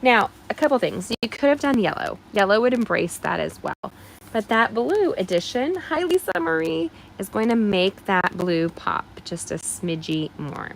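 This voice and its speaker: A woman's voice: mid-range voice, very animated, moderate pace, gravelly, slight background noise, low-quality recording. A woman hosting a live card-making stream, chatting in a bubbly way straight to her viewers as she demonstrates. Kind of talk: casual live craft demonstration.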